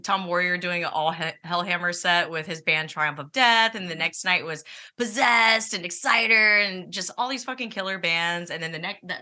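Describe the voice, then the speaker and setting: A woman co-hosting a podcast in casual chat, telling stories animatedly, swearing freely and acting out what people said. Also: lowish voice. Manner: animated storyteller, swears freely, acts out quotes. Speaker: podcast co-host.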